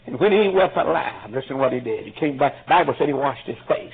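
Fervent preacher, gravelly tinny voice. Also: male voice, mid-range voice, expressive, brisk. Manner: fervent, with frequent "uh" fillers and sudden shouts. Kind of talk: impassioned storytelling sermon. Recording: tinny phone-like lo-fi recording.

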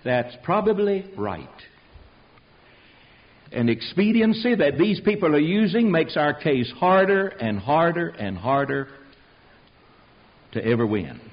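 A man's voice: on the high side, very animated, takes it slowly, pauses often, highs cut off. A man preaching a fiery sermon, emphatic and rhetorical, calling out questions to his congregation.

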